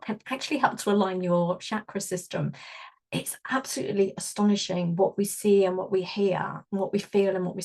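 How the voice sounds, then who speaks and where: A woman with a mid-range voice leads an energy healing workshop. She explains in a warm, conversational way, offering gentle affirmations as she guides the teaching.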